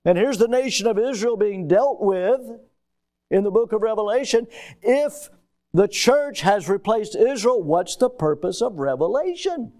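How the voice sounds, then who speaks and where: A man's voice: high voice, lively intonation, a little slow, darkish tone. A man preaching an expository sermon, reading scripture aloud and questioning his congregation like a teacher. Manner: reads scripture in King James wording. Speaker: pastor.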